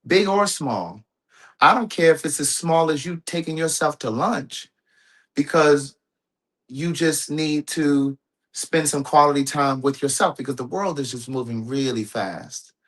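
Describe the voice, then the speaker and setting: A man's voice: fairly high pitch, a little slow. Chatty man telling a story to his viewers. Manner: rambling, with restarts and asides to the audience. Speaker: livestream host. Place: his home.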